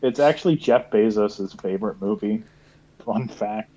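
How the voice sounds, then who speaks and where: A man's voice: lowish voice, moderate pace, dark tone, dull audio. A man co-hosting a podcast in casual chat, making dry, wry quips. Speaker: podcast co-host.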